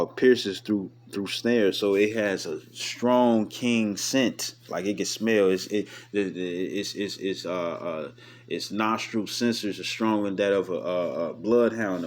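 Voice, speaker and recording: A man giving casual scripture commentary, chatty and full of "you know what I'm saying", reading the verses aloud slowly and stumbling now and then. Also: deep voice, darkish tone, a little hiss or hum. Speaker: Bible study teacher.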